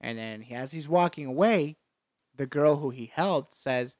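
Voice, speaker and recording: A man's voice: mid-range voice, moderate pace, a little mellow, no room sound. A man in casual chat, animatedly retelling a film scene by scene, often laughing and acting out the characters' lines. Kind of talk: casual chat recapping a movie.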